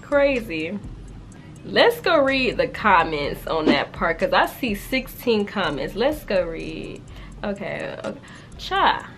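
A young woman casually reacting to and reading her old writing aloud, animated and slangy, with frequent laughter in her delivery. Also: mid-range voice, slow pace, soft background music. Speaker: YouTuber.

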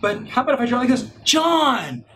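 A middle-aged man coaching real estate agents in an energetic, emphatic motivational talk. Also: very high voice, very fast, a little hiss or hum. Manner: animated, emphatic, acts out example phone lines.

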